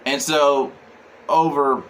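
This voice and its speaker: Speaking slowly in a fairly high, bright voice with fairly even intonation, a man recaps a comic book's plot in a loose, rambling review. His talk is packed with fillers like "um" and "he's like," and there's slight background noise.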